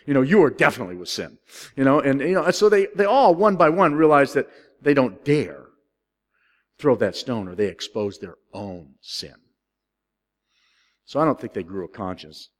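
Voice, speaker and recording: A man preaching a sermon, telling a story with big swings from loud, high excitement to quiet, low solemnity. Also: a little slow, long pauses, in a large hall. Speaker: pastor.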